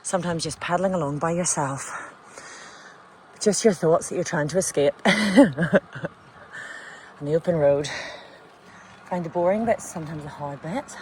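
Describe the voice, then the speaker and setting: Carrying a small camera while cycling outdoors, a vlogger in her forties who is training for a cycling event talks frankly to it, doubting herself, laughing often and at times turning emotional. She has a deep, darkish voice, unhurried and full of pauses, with slight background noise.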